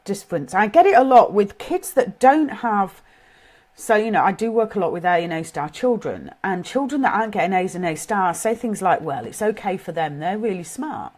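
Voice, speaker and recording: A parenting coach, middle-aged and British-accented, talks informally and earnestly, thinking aloud along the way. Her mid-range voice is expressive and a little mellow, moving at a moderate pace.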